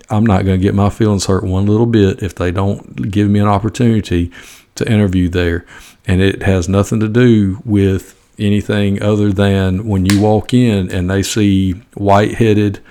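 A man's voice: on the low side, fairly even intonation, normal speed, dark tone. A middle-aged man with a country Georgia accent, talking in a blunt, folksy, rambling monologue as a podcast host. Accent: Southern US, Georgia. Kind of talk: casual opinion monologue.

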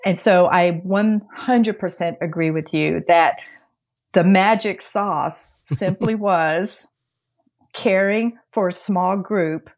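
Animated woman telling a story. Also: fairly low pitch, takes it slowly. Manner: animated storytelling, acts out quoted dialogue; laughs often mid-sentence. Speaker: podcast co-host. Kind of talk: casual podcast conversation.

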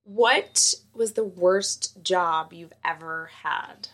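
A young adult woman from Utah hosting a podcast, chatting in a gushing, animated way. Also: on the low side, extremely slow. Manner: animated, gushing, acts out voices in stories. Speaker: podcast host. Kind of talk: casual chat.

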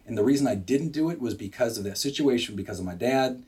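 A man in his sixties from Wisconsin, a business owner telling a story in a podcast studio interview, animated and acting out what people said. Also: mid-range voice, fast talker. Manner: energetic, acts out quotes, frequent restarts.

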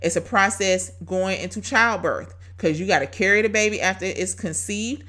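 A woman's voice: medium pitch, normal speed, pushed and bright. A woman, sharing a testimony on a faith podcast in an emphatic, preachy way. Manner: emphatic, preachy, addresses listeners as y'all. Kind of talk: faith-based podcast talk.

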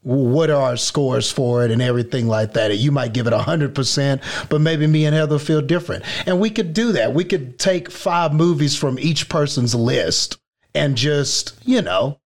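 A man co-hosting a podcast, casually rambling with lots of fillers as he pitches an idea. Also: moderate pace. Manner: rambling, enthusiastic, filler-heavy. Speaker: podcast co-host. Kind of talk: casual chat.

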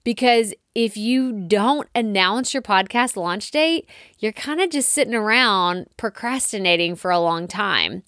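Woman, Texas accent, solo podcast host, encouraging and conversational, middle pitch, dry studio sound. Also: animated, measured pace, fairly bright tone, dry recording. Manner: chatty and encouraging, acts out listeners' doubts. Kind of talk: solo podcast coaching talk.

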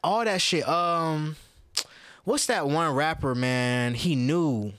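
Profane, animated man on a dry mic. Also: fairly high pitch, clear, resonant tone, dry recording. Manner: loose, profane, animated storytelling with quick voice shifts. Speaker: podcast co-host. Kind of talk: casual podcast chat.

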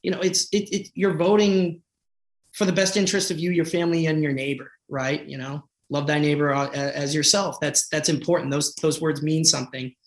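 Political candidate, male, from the Boston area; earnest, passionate delivery with restarts, slightly high voice, reverberant room. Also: flat delivery, a little fast. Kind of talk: conversational interview.

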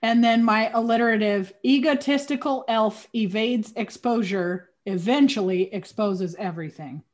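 A woman co-hosting a podcast, chatting casually about a movie, sarcastic and animated with a playful streak. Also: fairly high pitch, moderate pace. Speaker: podcast co-host. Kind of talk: casual movie review chat.

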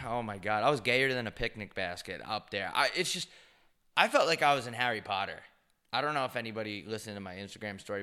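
A young man trades crude jokes and rambling stories with his co-host, his voice bright and forceful. He talks in loose, animated casual chat. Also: medium pitch, clear, resonant tone. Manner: crude, joking, animated storytelling. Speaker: podcast co-host.

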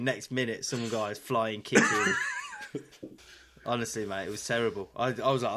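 Man, podcast co-host, casual chat, lively storytelling, acted-out quotes, swearing, average pitch. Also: moderate pace, slight background noise.

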